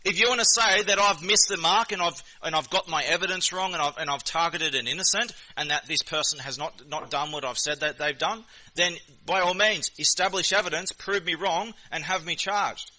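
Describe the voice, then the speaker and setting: A man argues fast and insistently over voice chat, lecturing as if laying down the law. His voice sits a little high and comes through from some distance off the mic. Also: sharp tone. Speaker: voice chat server host. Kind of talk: heated online debate. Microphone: computer mic in voice chat.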